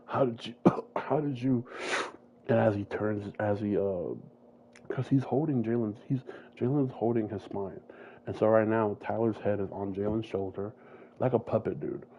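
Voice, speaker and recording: A man's voice: fairly low pitch, steady tone, moderate pace, warm tone, highs cut off, a little hiss or hum. A man casually retelling a made-up story, rambling and swearing often, with many fillers and restarts.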